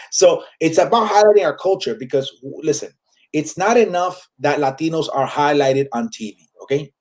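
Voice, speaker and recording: A man's voice: a little high, moderate pace, darkish tone. A man in his forties with a Puerto Rican accent, a comedian chatting casually as a guest and switching between two languages. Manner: switches freely between English and Spanish, many fillers. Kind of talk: casual interview chat.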